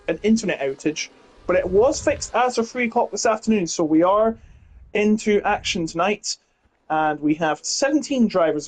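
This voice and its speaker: High-voiced guy co-commentating sim racing, rambly, keeps fixing what he says. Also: poor audio. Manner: rambling, self-correcting, chatty. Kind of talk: casual colour commentary.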